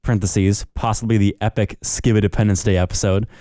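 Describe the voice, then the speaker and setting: A man's voice: lowish voice, level tone, fairly quick, warm tone, no echo, studio quality. A young man co-hosting a podcast in casual chat, reading a listener email aloud and laughing often. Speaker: podcast co-host.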